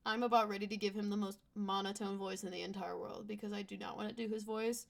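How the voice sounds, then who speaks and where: A woman's voice: mid-range voice, level tone, quick pace, gravelly. A woman streamer chatting casually and bluntly between game dialogue, with game music behind. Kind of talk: casual gaming stream chat.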